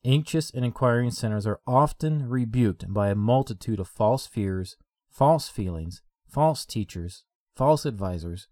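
A man's voice: medium pitch, expressive, measured pace, darkish tone, no echo, clean studio sound. A man preaching a sermon in a repetitive, rhythmic cadence, asking listeners direct questions.

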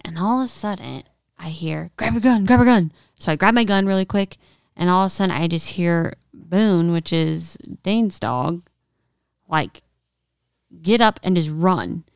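A young woman co-hosting a hunting podcast, telling a story in a lively casual way and acting out what people said. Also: fairly low pitch, measured pace, vocal fry, clear, resonant tone, no room sound, studio quality. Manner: animated retelling with quoted voices. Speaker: podcast co-host.

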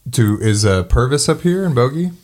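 A man's voice: medium pitch, expressive, moderate pace, darkish tone. A man playing a tabletop role-playing game, joking around and hesitating with ums. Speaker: player. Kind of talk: casual tabletop game play.

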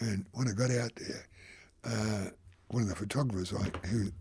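Raspy, gravelly older New man. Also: on the low side, steady tone, normal speed, darkish tone, no echo. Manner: rambling, acts out quoted voices. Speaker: photographer. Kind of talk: anecdotal storytelling.

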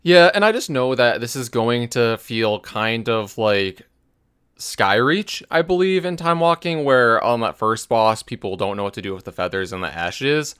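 A man's voice: mid-range voice, expressive, moderate pace, a bit bright, clean tone. A man co-hosting a casual gaming podcast, speaking in a wry, hedging way. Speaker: podcast co-host.

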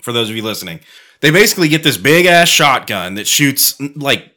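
A man's voice: medium pitch, very animated, brisk, pushed and bright. A man co-hosting a podcast, telling rambling, profane stories in casual chat. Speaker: podcast co-host.

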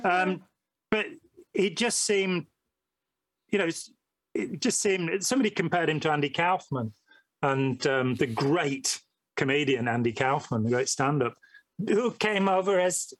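A man's voice: fairly high pitch, measured pace, fairly bright tone, dry recording. A man talking casually as a podcast guest, telling stories in a rambling way with many fillers. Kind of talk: casual conversation.

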